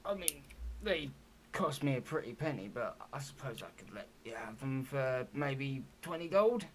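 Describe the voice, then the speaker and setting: A man's voice: mid-range voice, sing-song, normal speed, natural voice. A shrewd male tavern barkeep from a fantasy game, put on by a man running the table. He talks in a chatty, bargaining way, with a faint hiss under the voice. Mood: haggling.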